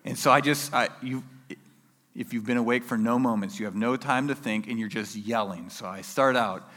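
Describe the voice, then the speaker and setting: Male preacher, animated storyteller, bright edge, big hall echo. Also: mid-range voice, normal speed. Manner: animated storyteller acting out his own yells. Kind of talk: sermon storytelling.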